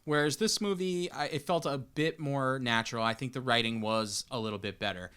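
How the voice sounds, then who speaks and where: Bright, clear-voiced man in casual chat. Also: medium pitch, fairly quick. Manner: enthusiastic, hedging with "like".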